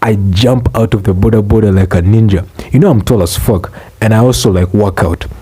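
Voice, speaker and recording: A young man ranting in a profane, exasperated comic vlog, swearing and bursting out loudly. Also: lowish voice, a little fast, slightly rough. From Uganda. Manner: exasperated, swearing, loud outbursts. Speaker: vlogger.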